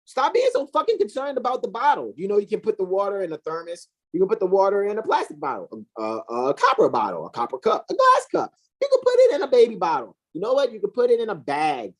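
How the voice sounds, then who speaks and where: A woman's voice: wildly swooping pitch, fast, few pauses, husky. A woman co-hosting a heated, casual discussion, talking in an emphatic, profane and preachy way. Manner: emphatic, profane, preachy, swings between high and low pitch. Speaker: co-host.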